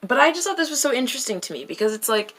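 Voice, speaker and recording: A woman's voice: fairly high pitch, sing-song, very fast, fairly bright tone. A woman vlogger in casual chat, blunt and emphatic, swearing freely.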